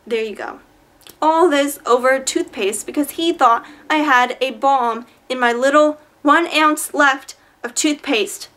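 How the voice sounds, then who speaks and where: A woman's voice: high-pitched, moderate pace, a bit bright. A young woman telling stories to camera in a casual vlog, chatty and exaggerated, with lots of fillers. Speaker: vlogger.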